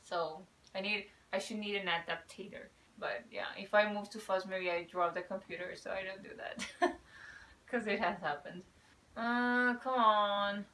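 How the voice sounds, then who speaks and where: A woman giving excitable, swearing reaction commentary, ranting in exasperation. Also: medium pitch, a little slow, recorded from a distance. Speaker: reaction video creator. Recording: roomy sound from off the mic, faint ambience.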